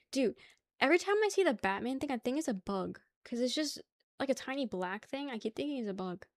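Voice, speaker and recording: Chatting with her stream audience, this young female host rambles along, laughs readily and swears in a throwaway manner. Her voice sits a little high, and there's no echo.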